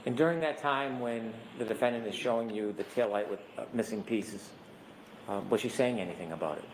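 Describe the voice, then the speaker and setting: A man acting as prosecutor in a courtroom, asking measured, methodical questions. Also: on the low side, noisy background.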